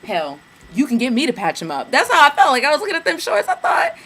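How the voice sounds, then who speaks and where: A young woman from Georgia, telling a story in a casual vlog rant, animated and sassy, slipping into mimicked asides. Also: sits high, quick pace. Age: young adult. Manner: animated, mimics people in asides, sassy slang, bursts of cackling laughter. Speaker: vlogger.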